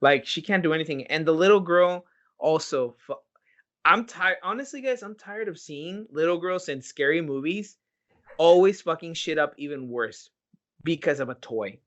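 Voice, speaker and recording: A man's voice: a little high, normal speed. A man casually retelling a horror movie plot on a podcast, swearing often and telling it with energy. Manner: swears a lot, animated storytelling. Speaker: podcast host. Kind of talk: casual chat. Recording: dull lo-fi podcast audio.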